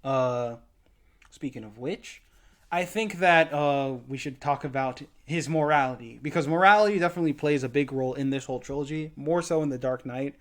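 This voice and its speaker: A man's voice: medium pitch, normal speed. A man co-hosting a casual film discussion podcast, rambling a little, correcting himself and laughing often. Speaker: podcast co-host.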